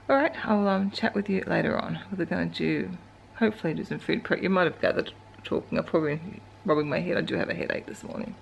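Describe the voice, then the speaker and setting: Australian woman in her forties, gravelly, chatty. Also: lowish voice, normal speed, slight background noise. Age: 40s. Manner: rambling, chatty, laughs often while talking to her dogs. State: out of breath from exercising. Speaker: vlogger. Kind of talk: casual vlog chat. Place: at home.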